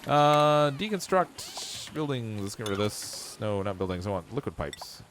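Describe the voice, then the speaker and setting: A man's voice: lowish voice, a little slow, a bit bright, a little hiss or hum. A Canadian man streaming a game, thinking aloud and poking fun at his own messy builds. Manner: self-mocking, thinks aloud while building. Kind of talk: casual livestream commentary.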